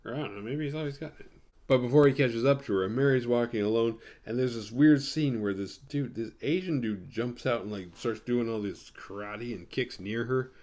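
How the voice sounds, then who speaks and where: A man's voice: medium pitch, moderate pace, darkish tone. Podcast host, man, casual profane movie recap, sarcastic asides, rambles.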